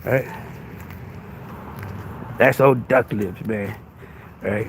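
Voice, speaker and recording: Confrontational man with lively pitch. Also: slow, vocal fry, long pauses, a little hiss or hum. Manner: confrontational, crude, keeps asking "right?". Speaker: podcast host. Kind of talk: livestream rant.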